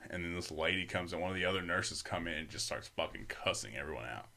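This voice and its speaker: A man's voice: deep voice, lively intonation, fast, pushed and bright. A young man, a podcast guest, telling a story casually, full of swearing and fillers. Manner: profane, rambling, many fillers.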